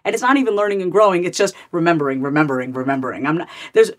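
A woman in her forties, a podcast guest, telling her own story candidly and lively, jumping up and down in pitch as she replays her old thoughts. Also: rapid-fire. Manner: animated, swings pitch widely to act out her own past thoughts.

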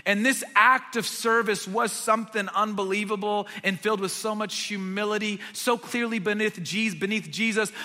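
A male pastor preaching with dramatic storytelling, his voice rising and then dropping almost to a whisper. His tone is high and bright. Long reverb from a large church hall follows each phrase. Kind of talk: sermon.

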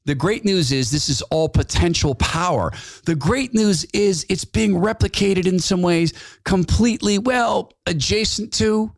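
A man's voice: high-pitched, measured pace, vocal fry, no room sound. A man hosting a talk radio show, delivering a sarcastic, mocking opinion monologue and laughing at his own jabs.

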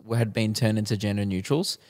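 A man's voice: on the low side, brisk, a little mellow, big-room sound. A man co-hosting a podcast, chiming in with dry, wry remarks in casual banter. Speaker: podcast co-host.

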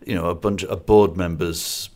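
A Singapore-based man co-hosts a film review podcast in a low, steady, darkish voice at normal speed. He chats casually, rambling a little with restarts and asides.

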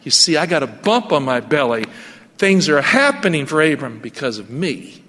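A man's voice: fairly high pitch, very animated, moderate pace, sharp tone, in a large hall, exaggerated voice. A preacher voicing a boastful pregnant young slave woman who taunts her mistress in a sing-song way. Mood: taunting.

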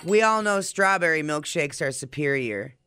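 Bright-voiced wisecracking man co-host. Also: fairly high pitch, expressive, moderate pace, a little hiss or hum. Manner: wisecracking, blunt, teasing. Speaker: radio show co-host. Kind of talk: casual morning show banter.

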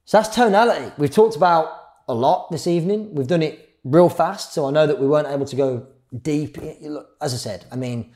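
A middle-aged man teaches a live workshop on public speaking. His voice is warm and dark, and he keeps changing his pace and loudness, from quick bursts to slow, quiet phrases. He uses pauses for effect. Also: fairly high pitch.

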